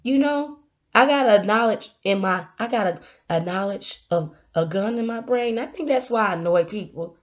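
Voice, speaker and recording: A young woman, giving a casual motivational talk to her camera, animated and laughing, with sudden loud bursts. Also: mid-range voice, moderate pace. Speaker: YouTube vlogger. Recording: dull lo-fi sound.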